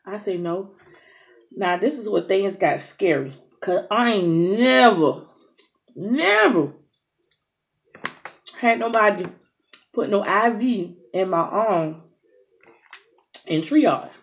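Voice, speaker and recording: A young woman telling a lively story over a meal, acting out each speaker's lines. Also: medium pitch, takes it slowly, long pauses. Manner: animated storyteller acting out dialogue, drawling. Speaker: mukbang host. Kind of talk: casual storytime while eating.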